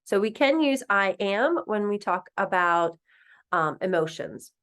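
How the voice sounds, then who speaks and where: A woman teaching a recorded French lesson, patiently explaining and repeating phrases slowly. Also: medium pitch, lively intonation, a bit bright, smooth.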